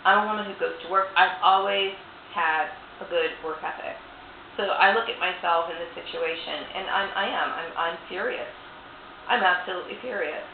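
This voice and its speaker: A woman with a fairly low voice and fairly even intonation rants angrily to the camera at a normal speed, swearing and repeating "you know" as she airs her grievances. The recording sounds tinny and phone-like, in an echoey room with faint hiss.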